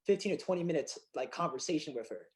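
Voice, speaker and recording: Role: guest. Sex: man. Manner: excitable, animated. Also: fairly high pitch, fast talker. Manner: excitable, animated, many fillers and restarts. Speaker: guest filmmaker and actor. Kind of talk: casual interview storytelling.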